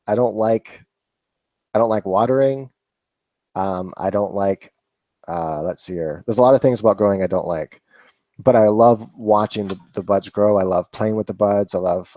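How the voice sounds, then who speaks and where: A man's voice: on the low side, a little mellow, no room sound. A man hosting a live Q&A, chatting casually and rambling with laughs and swearing. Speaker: vlog host answering viewer questions.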